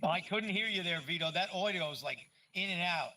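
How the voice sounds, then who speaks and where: A man's voice: sits high, fairly quick, pushed and bright, dry recording. A man guesting on a casual podcast, telling loose, rambling stories with plenty of swearing. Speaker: guest, prank-call performer.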